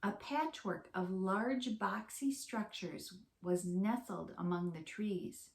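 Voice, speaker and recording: A woman teacher reading a storybook aloud to young children in a slow, clear, expressive way. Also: mid-range voice. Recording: roomy echo.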